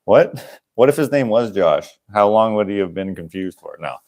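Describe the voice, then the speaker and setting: A man's voice: on the low side, expressive, moderate pace, darkish tone. A young man hosting a casual livestream, rambling and chuckling as he acts out the people in his stories. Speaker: channel host.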